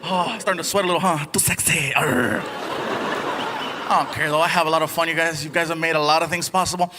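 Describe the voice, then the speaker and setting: Fast-talking male stand-up comic. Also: a little high, long reverb tail, noisy background. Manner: animated storytelling with put-on voices. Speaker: stand-up comedian. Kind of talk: stand-up comedy set. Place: theater stage before a live audience. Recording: live theater with loud crowd laughter.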